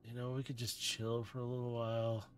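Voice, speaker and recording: A man voicing a laid-back, drowsy surfer-dude robot who talks in a slow, dreamy drawl. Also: mid-range voice, monotone, natural voice. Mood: dazed.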